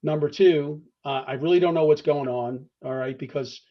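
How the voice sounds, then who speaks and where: A man's voice: fairly high pitch, normal speed, dull audio. A man answering as a podcast interview guest in an earnest, conversational way, restarting phrases often, acting out phone calls, and checking in with "all right?". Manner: many restarts, tags points with "all right?". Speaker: guest discussing fraternity membership.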